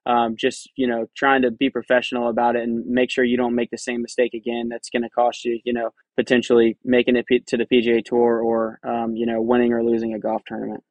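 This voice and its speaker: A man who works as a tour caddy, answering interview questions in a relaxed, conversational way, often saying "you know" and "man". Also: mid-range voice, fast talker, few pauses, no room sound. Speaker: tour caddy, podcast guest.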